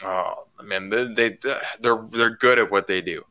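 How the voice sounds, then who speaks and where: A man from Canada with a very bright, crisp, smooth voice in casual conversation. He tells his story with lots of stammering restarts and repeated words, climbing higher when he gets worked up. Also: fairly even intonation, a little slow. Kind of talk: casual chat.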